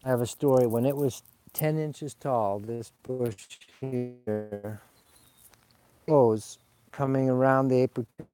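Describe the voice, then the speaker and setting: A man raised in Sweden talks in a loose, meandering monologue, wandering off mid-sentence and circling back. His voice is dark and relaxed, and a slightly tipsy looseness runs through his talk. He speaks outdoors in a garden. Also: mid-range voice, slow, clear, resonant tone, faint music behind. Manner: meandering, digressive, confessional. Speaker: spiritual vlogger. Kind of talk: rambling casual monologue. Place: outdoors in a garden under a fruit tree.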